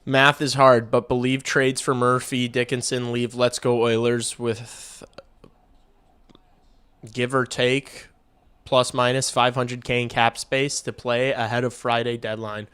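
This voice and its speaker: A man's voice: medium pitch, flat delivery, a little slow, a bit bright, smooth. A man hosting a casual hockey livestream, rambling and swearing offhandedly. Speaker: livestream host. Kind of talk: casual livestream sports commentary.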